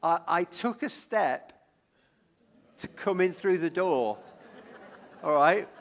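Recalling his childhood from the pulpit, a middle-aged Lancashire man preaches casually, often stumbling over repeated words and inviting the congregation to shout their guesses. He speaks slowly in a high, gravelly voice with lively intonation.

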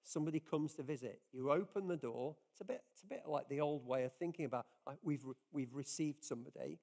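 Pastor, man, conversational sermon delivery, slightly higher pitch. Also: fast talker, darkish tone. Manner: earnest, conversational preaching with frequent restarts. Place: church service.

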